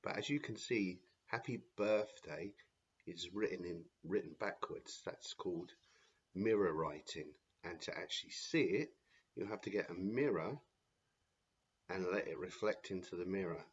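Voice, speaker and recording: A man hosts a children's story time in a friendly, chatty way. His low, slightly husky voice moves slowly with a lively lilt. The recording sounds a little dull. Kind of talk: reading aloud to children.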